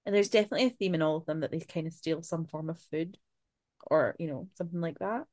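A woman's voice: low voice, quick pace, darkish tone, no echo. A Scottish woman co-hosting a podcast, chatting casually and swearing freely as she tells spooky folklore. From Scotland. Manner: chatty, swearing, laughing asides. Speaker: podcast co-host. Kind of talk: casual chat, telling folklore.

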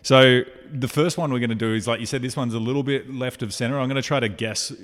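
An Australian man hosts a podcast in a relaxed, slangy way, with a voice of middling pitch. His words ring out in a room with a long reverb. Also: quick pace. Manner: laid-back, slangy. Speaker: podcast host. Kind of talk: casual interview chat.

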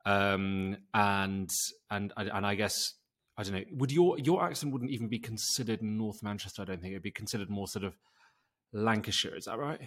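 A man from the south of England co-hosting a podcast, thinking aloud with hesitant pauses. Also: lowish voice, fairly even intonation, fairly bright tone. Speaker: podcast co-host. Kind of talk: casual chat.

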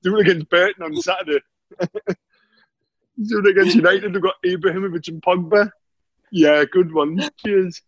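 A man's voice: high-pitched, normal speed, long pauses, husky, dry recording, dull audio. Man, 30s, ex-player spinning dressing-room yarns, dry close sound. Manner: laughing, animated anecdotes with lots of "mate". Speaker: former footballer guest. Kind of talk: casual storytelling chat.

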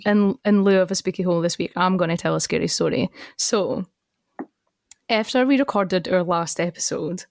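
A woman's voice: fairly low pitch, vocal fry, no room sound, studio quality. Giggly Scottish woman co-host. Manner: giggly, rapid storytelling. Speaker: podcast co-host. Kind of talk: casual chat.

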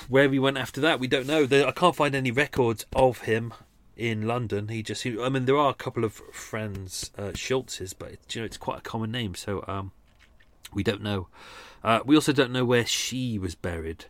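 A man's voice: mid-range voice, normal speed, no room sound. A man hosting a podcast, talking casually in a rambling, hesitant way with many restarts, then running a quiz. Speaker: podcast host.

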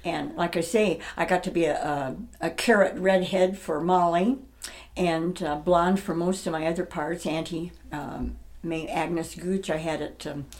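A woman's voice: fairly low pitch, fairly even intonation, measured pace, a little mellow. An older woman in her seventies, reminiscing about her stage roles in a casual interview, chatty and often laughing. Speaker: interviewee, retired stage actress.

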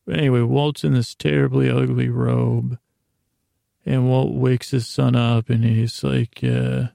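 A man's voice: mid-range voice, level tone, normal speed, creaky, dark tone, dry recording, clean studio sound. A man casually recapping a TV episode as a podcast host, rambling with many restarts and asides.

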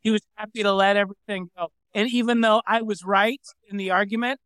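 A comedian tells a story in a casual, wry, deadpan manner. His voice is smooth and clear, and the sound is dry and close. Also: sits high, a little fast, no room sound. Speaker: comedian guest.

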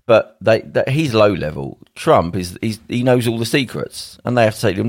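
A man's voice: fairly low pitch, lively intonation, normal speed, hardly any pauses, dry recording, clean studio sound. A man co-hosting a podcast from home over a video call, rambling emphatically and acting out what people might say. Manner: rambling, emphatic, acts out quotes. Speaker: podcast co-host. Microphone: home mic on a video call.

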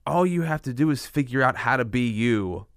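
A man hosting a casual podcast conversation, talking in an animated way with frequent restarts and the odd laugh. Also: medium pitch, moderate pace, no echo, clean studio sound. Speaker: podcast host.

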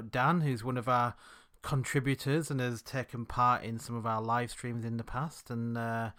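A man hosting a casual podcast. He talks in a chatty, rambling way, pausing often to search for words, at a middling pitch. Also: fairly bright tone, clean tone. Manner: chatty and rambling, with many hesitations. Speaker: podcast host.

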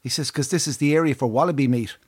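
An Irish man hosting a podcast, telling an animated travel story with frequent laughter and swearing. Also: mid-range voice, fast talker, breathy edge. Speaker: podcast co-host.

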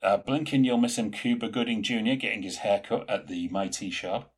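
A man co-hosting a podcast, chatting casually in an animated, rambling way with plenty of fillers. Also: lowish voice, fairly quick, breathy edge. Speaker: podcast co-host. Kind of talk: casual chat.

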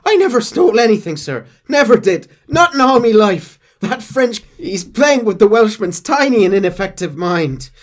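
A man's voice: fairly quick, hardly any pauses. A man putting on a comical fawning Irish outlaw. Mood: pleading. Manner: high, loud, excitable and wheedling.

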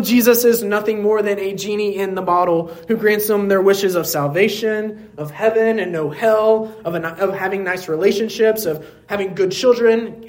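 Preaching to his congregation, this man has a high voice and an earnest manner, asking rhetorical questions and letting his words fall quiet for emphasis.

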